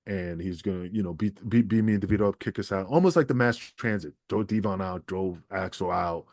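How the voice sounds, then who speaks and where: A man with a low voice tells a profane, animated story as a podcast guest. He talks like a former wrestler looking back on his career and slips into the voices of the people he quotes. The sound is dry and close, with no room around it. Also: fairly quick, no room sound. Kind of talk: storytelling interview.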